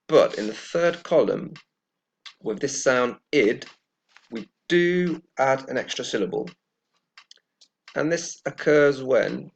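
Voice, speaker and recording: Slow, gravelly-voiced man teaching pronunciation. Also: mid-range voice. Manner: slow and deliberate, repeating words carefully. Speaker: English teacher. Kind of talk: slow, careful pronunciation lesson.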